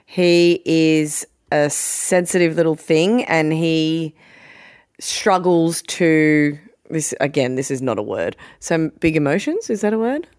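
A woman in her thirties chats on a podcast in a candid, cheeky way and laughs easily. Her voice sits a little low. The sound is close and dry. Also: expressive, slow pace, a little mellow, no room sound. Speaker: podcast co-host. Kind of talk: casual chat.

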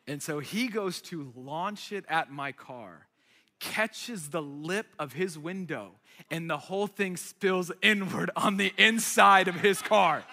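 A man preaching in a storytelling way, animated and shifting between quiet asides and loud outbursts. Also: high voice. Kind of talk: storytelling sermon. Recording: echoey hall with long reverb.

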